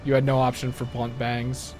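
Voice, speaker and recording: A man's voice: mid-range voice, completely flat delivery, normal speed, over music. A young man doing casual let's-play commentary, chatty and rambling, laughing easily. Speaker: game streamer.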